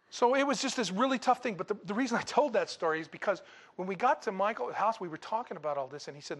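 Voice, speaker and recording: A male preacher tells a story from the pulpit with lots of drama. His voice sits a little high and swings from loud, excited bursts to quiet, hushed lines. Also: fast talker. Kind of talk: sermon with personal story.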